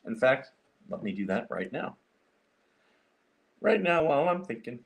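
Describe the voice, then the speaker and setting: A man's voice: mid-range voice, big pitch swings, a little slow. A man hosting a casual livestream, rambling with many fillers and restarts as he clicks through his computer and talks to viewers. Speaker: livestream host.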